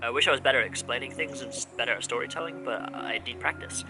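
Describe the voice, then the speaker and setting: A man's voice: mid-range voice, fast, music in the background, rough recording. A man in his twenties telling a rambling, candid story in a casual vlog. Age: 20s. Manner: rambling, candid, rant-prone. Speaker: vlogger.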